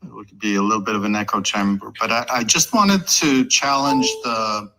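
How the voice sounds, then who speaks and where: A man's voice: fairly low pitch, normal speed, low-quality recording. A man from Israel calling into a livestream, speaking hesitantly with many restarts. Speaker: call-in guest.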